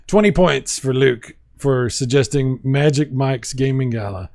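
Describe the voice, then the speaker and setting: A man's voice: medium pitch, slow, creaky, long pauses, a little mellow. A man hosting a casual video game livestream, reading viewer comments aloud with playful asides and frequent laughs. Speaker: livestream host.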